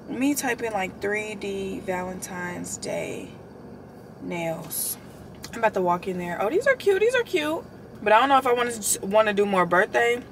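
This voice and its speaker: A woman's voice: medium pitch, a little hiss or hum. A young woman vlogging casually to her phone camera, chatty and sleepy, calling her viewers y'all while she runs errands. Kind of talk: casual vlog chat to camera. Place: in a car and around a mall. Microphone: phone camera held or propped.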